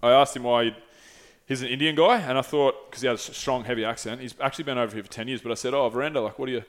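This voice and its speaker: Candid, swearing bloke telling a story. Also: male voice, medium pitch, fairly even intonation, very fast. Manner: candid storytelling, frequent swearing, many restarts. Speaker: podcast host. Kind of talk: casual chat.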